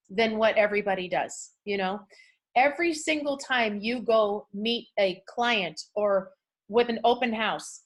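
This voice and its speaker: A middle-aged woman from California giving a motivational talk to a group in a chatty storytelling way, acting out what people say. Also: mid-range voice. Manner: chatty, storytelling, acts out quotes. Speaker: motivational speaker.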